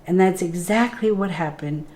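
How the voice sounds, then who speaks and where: There is a little background noise as a middle-aged woman, a spiritual guide being interviewed, shares her own experiences in a lowish, gently mellow voice. Her pace is slow and earnest, and she acts out each exchange as if in the moment.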